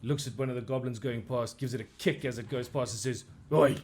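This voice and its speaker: A man's voice: mid-range voice, fairly even intonation, fast talker, crowd noise. Rambling man running a tabletop game. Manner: loose, rambling, hesitant phrasing. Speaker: game master.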